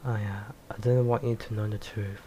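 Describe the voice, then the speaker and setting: A man voicing a weary father who speaks quietly and low, over violin music. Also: little pitch movement, normal speed, slight background noise, close to an everyday voice. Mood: remorseful.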